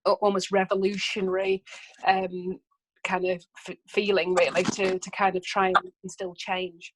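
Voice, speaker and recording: A woman's voice: mid-range voice, level tone, moderate pace. A woman talks eagerly about a play with a colleague in a revision chat. She rambles and corrects herself as her ideas come, and her voice sounds dry and close, with no room echo. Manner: enthusiastic, rambling, laughs at her own slips. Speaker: English teacher. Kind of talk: informal revision discussion.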